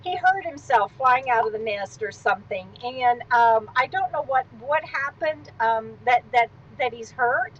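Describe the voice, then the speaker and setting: A woman's voice: fairly high pitch, animated, unhurried, few pauses, fairly bright tone, muffled recording, slight background noise. A woman hosting a casual live stream from home, chatting in a rambling way and wandering off into asides. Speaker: livestream host. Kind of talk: casual livestream chat. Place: at home, on a swivel stool.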